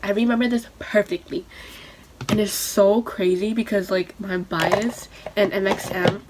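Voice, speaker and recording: A young woman telling a rambling, excitable story while doing her makeup for a vlog. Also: medium pitch, unhurried, background noise. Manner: rambling, excitable, lots of fillers. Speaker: beauty vlogger.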